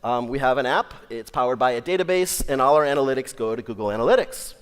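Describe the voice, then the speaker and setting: A man's voice: medium pitch, lively intonation, fast, clean tone. A man giving a tech conference talk, upbeat and joking, with frequent ums. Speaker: conference speaker. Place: large conference hall. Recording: hall reverb.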